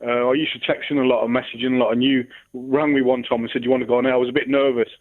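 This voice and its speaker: A man calling in to a radio show, speaking sincerely and haltingly. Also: mid-range voice, little pitch movement. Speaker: caller. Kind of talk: heartfelt phone-in message. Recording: tinny phone line.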